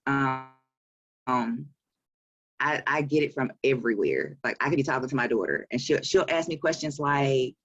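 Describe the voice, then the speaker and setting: A woman's voice: extremely low pitch, lively intonation, normal speed, dry recording, muffled recording. A woman in her forties with a Southern US accent, an author talking about her work in a casual interview, chatty and laughing often. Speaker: author and publisher.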